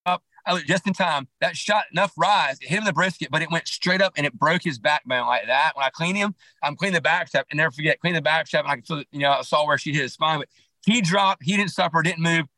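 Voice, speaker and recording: Man, podcast guest, bright forceful tone, slightly high pitch, animated rambling storytelling, dry close sound. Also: fast talker, no echo, rough recording. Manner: animated, rambling, with many restarts. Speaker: podcast guest, clothing company founder. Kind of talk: casual storytelling interview.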